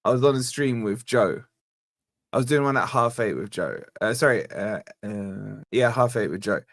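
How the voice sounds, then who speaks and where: A man's voice: lowish voice, normal speed, gravelly. A young man hosting a casual football fan chat, telling rambling stories and swearing freely. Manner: animated, rambling storyteller who swears. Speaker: host of a football fan channel.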